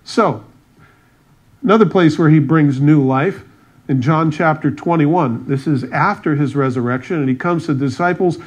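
Male pastor, slightly higher voice, storytelling sermon with wry asides and acted-out dialogue. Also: moderate pace.

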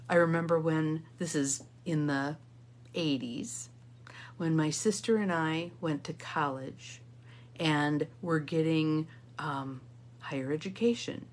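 A woman's voice: deep voice, husky. A middle-aged woman giving an upbeat coaching talk, repeating key phrases for emphasis and reading viewer comments aloud. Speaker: intuitive guidance coach. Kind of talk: live motivational coaching talk.

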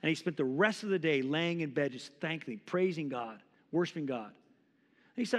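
A man's voice: a little high, animated, normal speed, in a large hall. A man in his forties preaching a sermon as pastor, impassioned and conversational, acting out quotes. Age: 40s. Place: church sanctuary.

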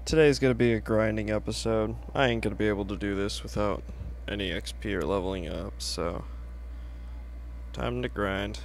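A man's voice: lowish voice, moderate pace, vocal fry, a little hiss or hum. A young man casually commenting while playing a video game, laid-back and chatty, swearing now and then. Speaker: let's play host.

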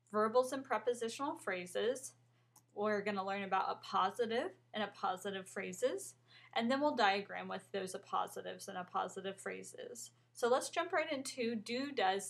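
A young woman teaches grammar at a middle pitch. She explains methodically, reads out example sentences and drops in an occasional um. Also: fairly bright tone. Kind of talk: recorded grammar lesson.

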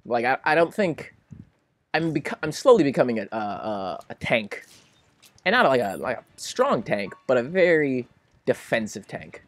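A young man giving casual, excitable let's-play commentary, melodramatic and quick to plead or laugh. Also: mid-range voice. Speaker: gaming commentator.

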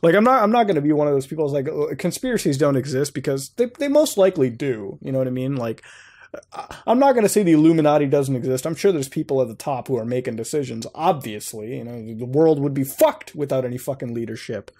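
A man's voice: medium pitch, lively intonation, quick pace, warm tone. A young man hosting a gaming channel, rambling and swearing casually as he browses websites and laughs at them. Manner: profane, rambling, laughs often.

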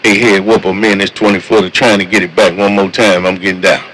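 A man's voice: sits low, level tone, brisk, a bit bright, poor audio. A man talking with fellow truckers over CB radio in a laid-back, slangy way, repeating his catchphrases. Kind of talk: casual CB radio chat.

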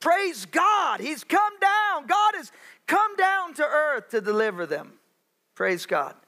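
High, bright-voiced preaching pastor. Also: male voice, sing-song. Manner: preaching with dramatic pauses, acting out Bible voices. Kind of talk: sermon. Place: church sanctuary.

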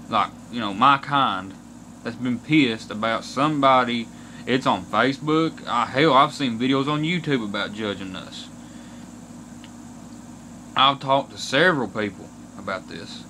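A man's voice: medium pitch, bright, forceful tone, slight background noise. A young man from Kentucky with an Appalachian accent, ranting bluntly to camera and swearing often. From Kentucky, USA. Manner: aggrieved, blunt, swears often, slow and deliberate. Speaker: vlogger.

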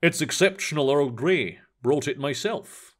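A man voicing a rough-voiced, fit Irishman in his fifties in a story reading, with a musical Irish accent. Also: on the high side, lively intonation, measured pace, fairly bright tone.

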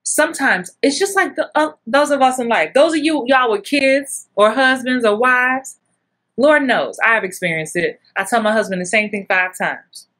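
Middle-aged woman, acting coach, lively chatty teaching voice that jumps high in acted-out bits. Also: moderate pace. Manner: animated, acts out little scenes with big jumps in pitch. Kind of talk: casual coaching talk.

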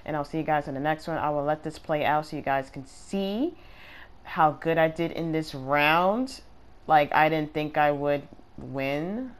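Woman, low voice, casual gameplay commentary, rambling, filler words. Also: measured pace. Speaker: gaming video creator.

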